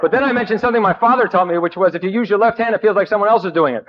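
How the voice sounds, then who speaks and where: Man, wry recovery talk, self-mocking, halting, slightly high voice, dull old tape. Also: heavy background noise. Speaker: speaker at a recovery meeting. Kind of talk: personal recovery story told to a group.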